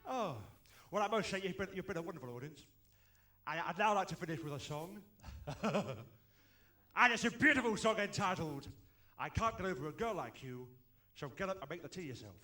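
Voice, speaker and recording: Brief: a man doing a bumbling middle-aged comic magician, high and lively, bright voice, chuckles through his gags. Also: fairly quick, faint music behind. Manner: chuckling, muttering "oh dear" between one-liners. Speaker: tribute comedian. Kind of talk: stand-up comedy with botched magic tricks. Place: stage in a club.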